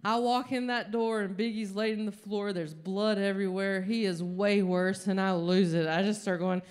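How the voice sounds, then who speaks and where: A woman doing a stand-up routine on a comedy stage, telling a story slowly with sudden loud outbursts. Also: medium pitch, fairly even intonation. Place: comedy stage before a live audience.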